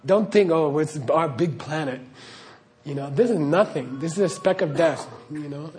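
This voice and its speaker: Earnest spiritual teacher, man, slightly high voice. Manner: earnest, repeats "okay?", laughs while storytelling. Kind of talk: spiritual talk to an audience.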